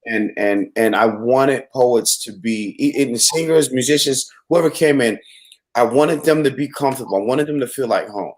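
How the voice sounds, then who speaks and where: A man's voice: mid-range voice, darkish tone. Earnest man hosting a casual chat. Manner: reflective, earnest, halting with restarts. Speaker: host and venue owner.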